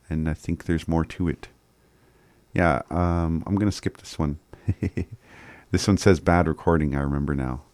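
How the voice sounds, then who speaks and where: A man's voice: low voice, unhurried, long pauses, a little mellow, dry recording. A man working through a list of phrases aloud as a teacher, thinking as he goes and chuckling often. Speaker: language teacher.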